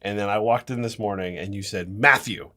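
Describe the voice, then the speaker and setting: A man co-hosting a guitar shop livestream with quick jokes and lots of agreeing asides. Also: on the low side, fairly even intonation. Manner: jokey, quick quips, frequent affirmations. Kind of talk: casual chat.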